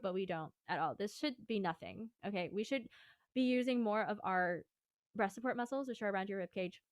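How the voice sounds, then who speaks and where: A woman's voice: medium pitch, a bit bright, dry recording, clean studio sound. A woman vocal coach giving a casual singing lesson, explaining exercises in a chatty, rambling way.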